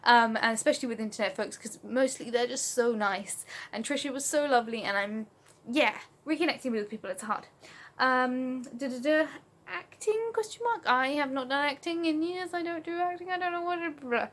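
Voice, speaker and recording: A woman's voice: sits high, normal speed, fairly bright tone. A young English woman from Oxfordshire, rambling through a casual Q&A vlog with lots of ums, recorded on a phone. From Oxfordshire, England. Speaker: vlogger.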